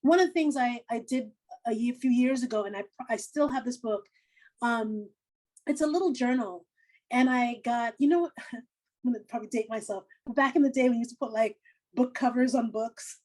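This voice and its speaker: A middle-aged woman, a comedian and laughter yoga teacher, giving casual animated advice full of quoted asides. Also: on the high side, normal speed, poor audio.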